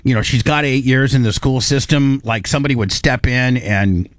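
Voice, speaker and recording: A man's voice: mid-range voice, normal speed, dry recording. A man hosting a casual chat show, talking in a blunt, emphatic, rambling way. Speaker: host.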